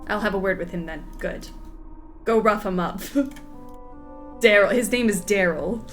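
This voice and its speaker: A woman's voice: mid-range voice, unhurried, soft background music. A woman streaming a mystery video game, chatting casually, joking and laughing with her viewers as she plays. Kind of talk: casual gameplay commentary.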